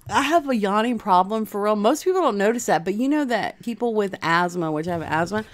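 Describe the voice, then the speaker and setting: A woman's voice: mid-range voice, animated, normal speed, soft background music. Chatty woman rambling on a craft livestream. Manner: rambling, chatty, answers viewer comments by name. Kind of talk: casual livestream chat.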